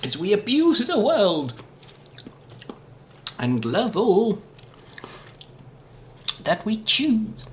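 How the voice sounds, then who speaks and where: A man putting on a fussy, high-pitched voice to lecture about manners. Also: huge pitch swings, very slow, pauses often, a little hiss or hum, heavily acted. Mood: prim.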